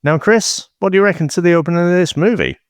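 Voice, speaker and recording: A man hosting a film podcast, reading a plot summary in a steady, even flow before turning to casual chat. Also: sits high, fast, no echo, clean studio sound. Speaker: podcast host.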